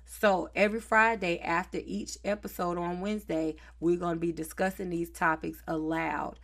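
A woman's voice: on the low side, fairly even intonation, normal speed, fairly bright tone. Chatty Southern woman podcast host. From North Carolina, US. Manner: chatty, easygoing, slangy. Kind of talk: casual podcast chat.

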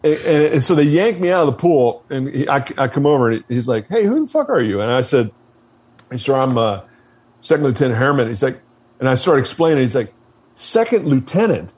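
A man's voice: mid-range voice, fairly quick, slightly rough. A man being interviewed, casually telling stories with plenty of fillers, swearing and laughter. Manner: relaxed, profane, many fillers, laughs while telling stories. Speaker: interview guest, former Marine officer.

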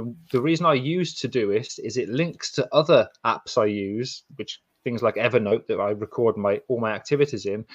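A man's voice: mid-range voice, no room sound. Man, dull dry lo-fi sound. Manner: earnest, practical, restarts often. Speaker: podcast co-host. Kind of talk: casual advice podcast chat.

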